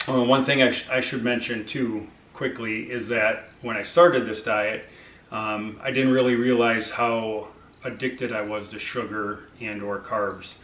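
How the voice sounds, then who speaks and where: A man's voice: fairly low pitch, level tone, a little slow, fairly bright tone, echoey room, recorded from a distance. A middle-aged man casually recounting his personal diet experience, acting out conversations with his doctor and using many fillers. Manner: conversational, acts out dialogue with frequent fillers. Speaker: vlogger sharing his diet journey.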